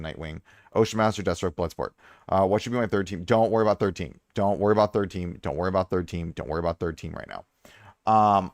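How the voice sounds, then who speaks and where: Rambling low-voiced male streamer. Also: no echo, studio quality. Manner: rambling, repeats himself for emphasis. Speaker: streamer reviewing viewers' game accounts. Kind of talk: casual live-stream chat.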